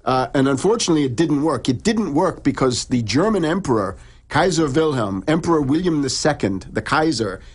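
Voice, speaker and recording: A man's voice: a little high, animated, breathy edge. A man explaining history at length in conversation, with frequent restarts and fillers. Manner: long halting explanations with many restarts. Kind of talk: lecturing conversation.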